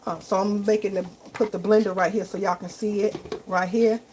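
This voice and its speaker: A woman's voice: mid-range voice, steady tone, a little fast, a little mellow, a little hiss or hum, low-quality recording. Chatty woman cooking live. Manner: chatty, keeps addressing viewers as y'all with repeated okay. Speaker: cooking livestream host. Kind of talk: casual live cooking chat. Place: home kitchen.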